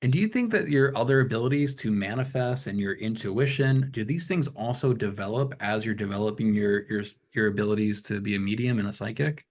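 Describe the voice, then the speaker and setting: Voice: medium pitch, brisk, hardly any pauses, a little mellow. A host asks a guest a question and offers short listening responses. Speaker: interviewer, host. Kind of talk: interview questions.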